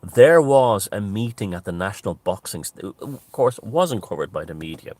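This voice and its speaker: Ranting Irish man, low voice. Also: animated, moderate pace, darkish tone. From Ireland. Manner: ranting, scornful, sometimes mimics others in a higher voice. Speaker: political commentator. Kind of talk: monologue commentary.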